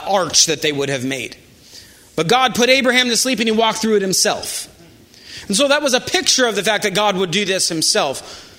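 Lively high-voiced male preacher. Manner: animated, emphatic preaching with asides. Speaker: pastor. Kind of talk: sermon.

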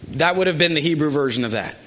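A male pastor preaching a sermon in an animated, emphatic way with asides to the congregation. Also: on the high side, quick pace, slight background noise.

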